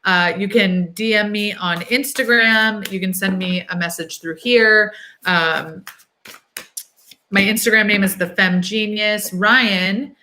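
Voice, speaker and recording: A young woman hosts a live tarot stream, talking through each card in a loose, thinking-aloud way. Her voice is bright and forward, upbeat and encouraging, full of little "um"s and "like"s. Her pitch sits in a middle range. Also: steady tone. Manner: chatty, thinks aloud, fills pauses with "um" and "like". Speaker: tarot reader hosting a livestream. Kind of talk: casual live-stream chat.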